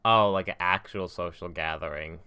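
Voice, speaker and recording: A man with a fairly low, smooth and resonant voice hosts a tabletop game stream as its game master. He chats casually and rambles, cutting himself off mid-thought as he talks into a desk microphone. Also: normal speed, sharp tone. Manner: rambling, self-interrupting. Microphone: desk microphone at home.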